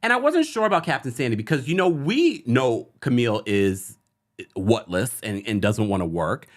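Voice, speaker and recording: A man hosting a casual live-stream recap of reality TV, chatty and animated, quoting the people he talks about. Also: mid-range voice, normal speed. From United States. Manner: animated, chatty, with laughs and quoted asides. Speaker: host.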